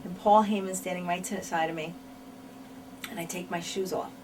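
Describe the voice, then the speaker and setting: Speaking briskly in a fairly low, steady voice, a woman recounts her wrestling career in a frank shoot interview, repeating words to stress her points. The mic sits at a distance, with faint noise.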